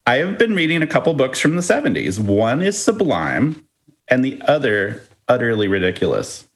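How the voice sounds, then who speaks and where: A man co-hosting a podcast, chatting casually and telling stories in a playful, lively way with chuckles. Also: medium pitch, normal speed. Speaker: podcast co-host.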